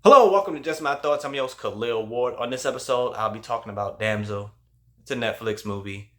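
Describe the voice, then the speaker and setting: A man's voice: mid-range voice, a little fast, soft background music. A male host giving a casual spoiler movie review, retelling the plot in a loose, slangy way with lots of "like".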